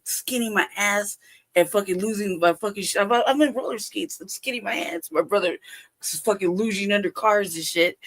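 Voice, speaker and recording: A woman's voice: medium pitch, fairly bright tone. Laughing, profane storyteller woman from Los Angeles. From Los Angeles, California. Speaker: livestream guest. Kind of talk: casual storytelling. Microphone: livestream call.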